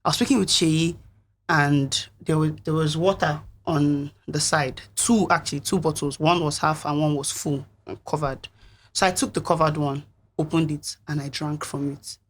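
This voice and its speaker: A young woman, a reality show contestant, recounting events in an interview in an earnest, reflective way, with a husky voice. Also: sits low, steady tone, normal speed.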